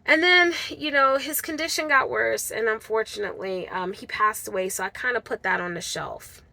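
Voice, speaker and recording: A woman's voice: on the high side, moderate pace, gravelly, pushed and bright. A woman vlogger telling a personal story to camera in an earnest, heartfelt way, speaking straight to her viewers. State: tearful at times.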